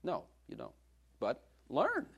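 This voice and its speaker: A man's voice: medium pitch, wildly swooping pitch, takes it slowly, vocal fry, a bit bright, husky, muffled recording. A male preacher giving a sermon in a joking, conversational way, laughing often.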